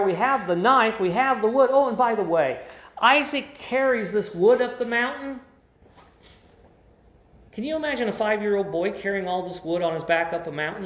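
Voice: medium pitch, a bit bright. Emphatic preacher in a roomy hall. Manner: emphatic, deliberate teaching delivery. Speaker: pastor. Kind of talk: sermon.

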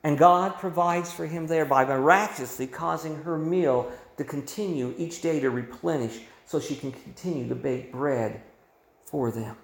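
A man's voice: fairly high pitch, moderate pace, gravelly. A male pastor preaching a sermon with emphatic delivery, his voice swelling and dropping. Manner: emphatic preaching with rising and falling volume. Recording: roomy echo.

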